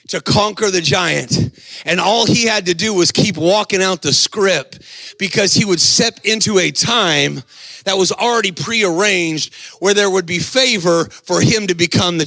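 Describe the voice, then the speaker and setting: A middle-aged male pastor preaching a sermon, telling animated stories and shouting at the high points. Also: gravelly, no room sound. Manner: animated storytelling, shouting at peaks.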